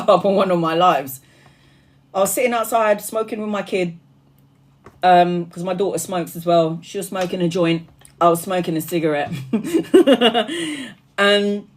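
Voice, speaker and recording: Woman, tarot streamer, loose chatty storyteller, swears, laughs a lot, worn out from a long stream. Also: medium pitch. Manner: chatty and animated, laughs often, swears freely. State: tired after hours live. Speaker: tarot reader streaming live. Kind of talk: casual live-stream chat.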